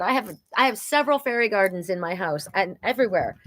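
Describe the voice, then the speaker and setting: A woman giving a casual, emotional oracle card reading on a livestream, talking warmly about fairies and her own message. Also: medium pitch, lively intonation, fairly quick, dry recording. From Welsh heritage. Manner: chatty, emotional, spiritual, prone to laughing.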